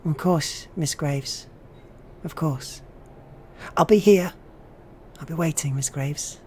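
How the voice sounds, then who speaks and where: A man's voice: fairly high pitch, slow pace, darkish tone, a little hiss or hum, pitched above the performer's own voice. A man voicing a creepy ghostly child with an eerie, sing-song way of talking.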